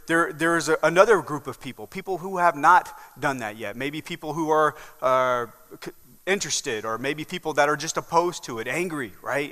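A man's voice: fairly high pitch, bright, forceful tone. A male pastor with a Southern American accent, preaching a sermon and often checking in with "right?". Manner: preaching with rising emphasis and frequent "right?" asides. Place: church sanctuary. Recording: long church hall reverb.

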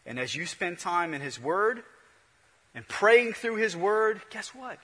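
Male pastor, sermon delivery, bright and husky, rising and dropping volume, long church reverb. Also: high-pitched, big pitch swings, measured pace. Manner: swings from loud to hushed, repetitive preaching cadence.

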